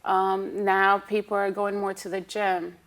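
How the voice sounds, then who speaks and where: A woman who is a licensed acupuncturist, a guest on a TV talk show, calmly explaining her practice. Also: mid-range voice, a little slow. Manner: calm, explanatory, with frequent "um" and "you know". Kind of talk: explaining in an interview.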